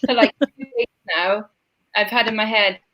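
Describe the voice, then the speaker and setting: A woman's voice: mid-range voice, steady tone, normal speed, fairly bright tone, muffled recording. A woman with a Welsh accent chatting casually on a live stream, bantering and laughing. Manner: chatty, breaks into song snatches and laughs. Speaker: co-host.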